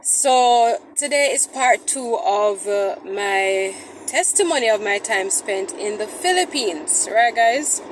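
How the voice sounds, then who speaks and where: A woman's voice: mid-range voice, animated, takes it slowly, slight background noise, low-quality recording. Chatty woman vlogging from her car. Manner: chatty, preachy, addresses viewers as guys. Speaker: vlog host. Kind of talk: casual Christian vlog talk. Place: in a car in traffic.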